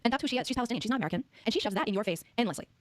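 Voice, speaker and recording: A woman's voice: fairly high pitch, lively intonation, very fast, no echo. A woman co-hosting a podcast, talking politics in an emphatic, indignant way. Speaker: podcast co-host. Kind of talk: casual political chat.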